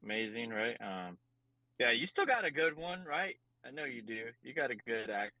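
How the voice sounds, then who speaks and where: A man's voice: mid-range voice, very animated, normal speed, no echo. An upbeat man joins a recovery meeting by video call and encourages the others, filling gaps with uhs and ums. His audio sounds dull and lo-fi. It is also dry, with no sense of a room. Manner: upbeat, many fillers. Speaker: meeting participant. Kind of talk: casual sharing.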